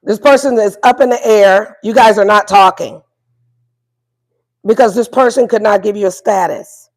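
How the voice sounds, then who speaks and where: A woman's voice: mid-range voice, moderate pace. A woman doing a casual livestream tarot reading, playful and profane, repeating her questions to the viewers. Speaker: tarot reader.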